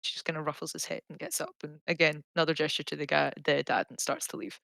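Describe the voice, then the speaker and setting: A woman takes part in a tabletop role-playing session. Her voice is bright and clear, and it sounds dry and close to the mic. When she speaks as her character, she turns quiet and solemn. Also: sits low, flat delivery, fast, no echo. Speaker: player.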